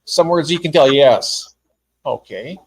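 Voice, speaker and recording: A man who is a guest on a casual livestream, easygoing and rambling, quick to laugh at himself. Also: fairly high pitch, expressive, breathy edge, low-quality recording. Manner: easygoing, rambling, self-deprecating.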